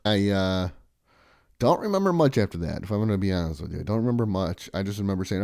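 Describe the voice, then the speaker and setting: A man with a low, mellow voice talks straight to camera in a loose, rambling vlog. He is chatty and sarcastic, recorded close in a dry, dead room. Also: lively intonation, fast, no echo. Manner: chatty, sarcastic, mocks others in shrill impressions. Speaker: vlogger. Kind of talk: casual rambling monologue.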